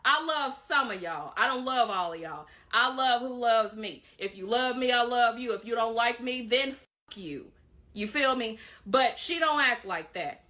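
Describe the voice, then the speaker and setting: Woman, fairly high and bright, bluntly scolding in a rant clip. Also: expressive, a little slow.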